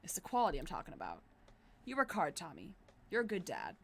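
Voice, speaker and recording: A woman's voice: lowish voice, wildly swooping pitch, quick pace, gravelly, breathy edge, pitched below the performer's own voice, heavily acted. A woman reading as a teasing laid-back dad.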